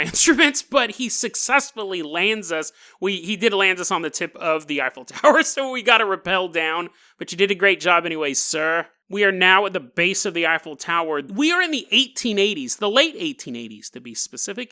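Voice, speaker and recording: A man's voice: high-pitched, sharp tone. A male podcast host telling a story in a joking, rambling way, laughing often. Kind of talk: comedic storytelling.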